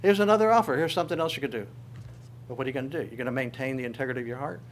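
A man's voice: mid-range voice, rapid-fire. A male pastor preaching a sermon, reading scripture aloud with his own commentary and asking the congregation rhetorical questions.

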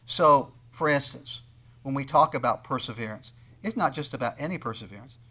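A man preaching a sermon, swinging between loud emphatic lines and quiet asides, and acting out the voices of the people he quotes. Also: medium pitch, expressive, a little fast. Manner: acts out quoted speakers in conversational tones. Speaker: pastor.

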